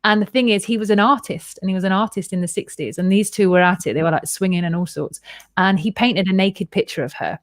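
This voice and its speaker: In a fast, mid-range voice with no room sound, a podcast host relays her own story in an unfiltered, animated way. She swears freely and does impressions of the voices she quotes, all in studio quality.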